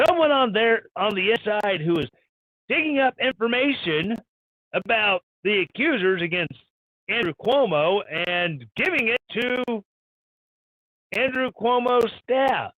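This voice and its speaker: Brief: high-pitched male live stream host, irreverent ranting commentator. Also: lively intonation, measured pace, dry recording. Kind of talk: sarcastic news commentary. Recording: dull lo-fi stream audio.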